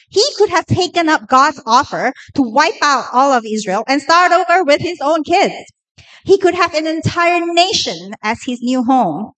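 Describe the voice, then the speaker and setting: A woman preaching a sermon in a lively, conversational way, asking the listeners questions. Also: high-pitched, low-quality recording.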